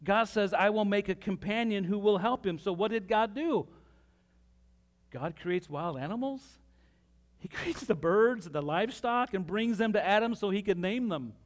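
A pastor preaches a sermon, reading scripture with pauses and throwing lively asides to the congregation. His voice sits high.

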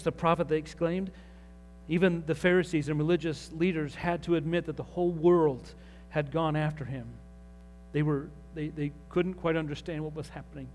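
A man's voice: fairly high pitch, a little mellow, slight background noise. A man preaching as a pastor, earnest and rising in emphasis on key phrases. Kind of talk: sermon.

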